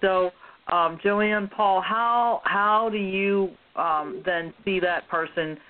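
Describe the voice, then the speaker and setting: A woman hosting a panel discussion, talking haltingly with many restarts and ums. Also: medium pitch. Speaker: host. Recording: tinny phone-like line.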